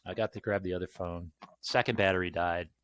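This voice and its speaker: A man's voice: deep voice, fairly even intonation, a little fast, fairly bright tone, clear, resonant tone. A man ranting casually and at length, exasperated and swearing, rambling through a complaint. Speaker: channel host.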